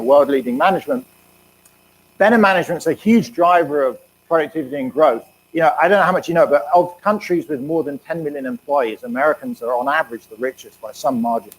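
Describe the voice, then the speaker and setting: A man, an economics professor, giving a public lecture in a relaxed, joking way. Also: on the high side, a little hiss or hum, poor audio. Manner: quick, chatty, and jokey, with many fillers. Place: university lecture hall.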